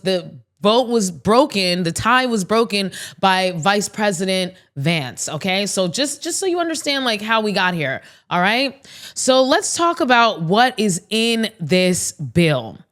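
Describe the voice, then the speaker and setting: A woman hosting a podcast of casual political commentary, blunt and outspoken, swearing freely and talking straight to her listeners. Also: mid-range voice. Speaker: podcast host.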